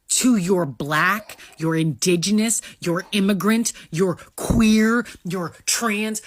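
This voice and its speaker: Woman scolding viewers slowly, swears a lot, normal pitch. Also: fairly bright tone. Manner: scolding, profane, slow and deliberate. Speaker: vlogger. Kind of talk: social media rant.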